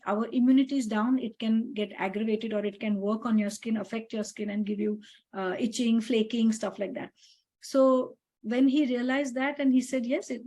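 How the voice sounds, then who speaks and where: A woman's voice: a little high, dark tone, rough recording. A middle-aged woman dermatologist telling stories about her patients in a chatty way, with many fillers and quoted dialogue. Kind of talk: casual storytelling about patients.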